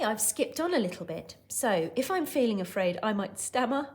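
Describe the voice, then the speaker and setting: A woman's voice: fairly low pitch, moderate pace, hardly any pauses. A woman teaching a recorded lesson for young children, encouraging and patient, who acts out voices to show each word. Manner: expressive, acts out shouting, whispering and gasping to show words. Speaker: primary school teacher.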